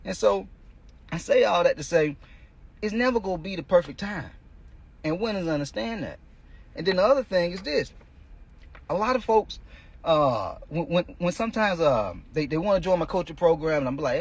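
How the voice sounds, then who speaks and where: A man's voice: high-pitched, expressive, moderate pace, creaky. A male coach hosting a podcast, giving a blunt, profane motivational monologue in casual street talk.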